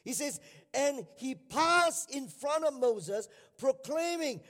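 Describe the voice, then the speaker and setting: A man preaching a sermon to a church, building to fervent shouting, in a large hall with long reverb. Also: very high voice, sing-song, takes it slowly. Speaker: pastor.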